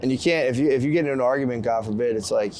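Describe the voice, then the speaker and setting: A man's voice: medium pitch, very fast, a little mellow, slight background noise. A man in his thirties chatting casually outdoors by the water, loose and profane, laughing often. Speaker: podcast co-host on a fishing trip. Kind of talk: casual chat.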